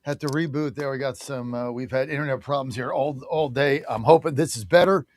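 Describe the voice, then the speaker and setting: A man's voice: mid-range voice, a little fast. A man hosting talk radio, casual and offhand. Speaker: radio host.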